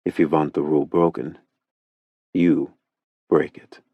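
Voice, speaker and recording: A man's voice: rumbling low, flat delivery, unhurried, no echo, phone-quality sound, full character voice. Man voicing a tired, tender hockey star. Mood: teasing low.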